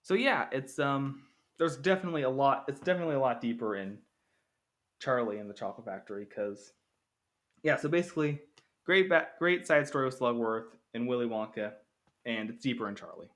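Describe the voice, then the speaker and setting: Bright-voiced man rambling about movies. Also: medium pitch, fairly quick. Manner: rambling, with many fillers, acting out quotes. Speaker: podcast host. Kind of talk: casual movie comparison monologue.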